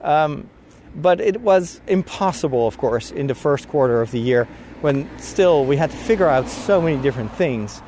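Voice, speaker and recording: A man's voice: a little high, expressive, normal speed, few pauses, darkish tone, slight background noise. A man talking casually on a walking vlog, rambling and chatty with frequent laughs, a little out of breath from walking outdoors. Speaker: vlogger. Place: outdoors on a walk.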